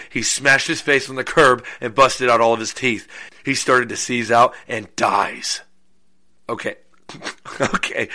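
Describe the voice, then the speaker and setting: Guy telling a spooky story casually, cracking crude jokes, bright voice. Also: medium pitch. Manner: jokey, goofy asides and crude humor. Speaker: podcast host.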